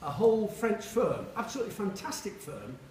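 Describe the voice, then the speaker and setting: A man's voice: sits high, sing-song, a little fast, darkish tone, recorded from a distance. A man in his seventies from Sheffield, England, giving an after-dinner speech of funny anecdotes and acting out the people in them. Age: 70s. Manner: jokey storyteller acting out quoted voices. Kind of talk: humorous anecdotes at a reunion lunch. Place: large dining hall. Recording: echoey hall, voice picked up from afar, faint hum.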